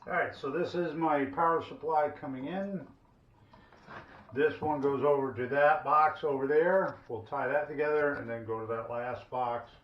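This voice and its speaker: A man's voice: mid-range voice, slight background noise. A man co-hosting a home remodeling video, explaining electrical work in a plainspoken, casual way. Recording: echoey, dull room sound.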